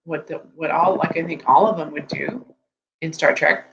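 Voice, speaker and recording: Casual live-streaming coach who keeps asking "okay?", recorded dull with a low hum. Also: steady tone, normal speed. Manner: chatty, rambling, keeps checking in with "okay?" and "right?". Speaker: dating coach for tech men. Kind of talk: live-stream advice talk. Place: room with geek collectibles behind. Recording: dull lo-fi sound with faint hum.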